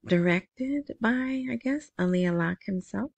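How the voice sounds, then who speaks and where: On a currency news show, a woman reads headlines aloud and follows them with chatty asides in casual commentary on the articles. Her mid-range voice is expressive, creaky and husky. She keeps a measured pace, and the recording has no echo.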